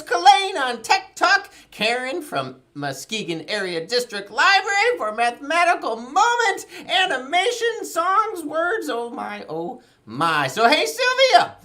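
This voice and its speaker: A woman with a high, pushed, bright voice hosts a children's library show. She leads a sing-along in a playful, sing-song voice, laughing often and making animal noises.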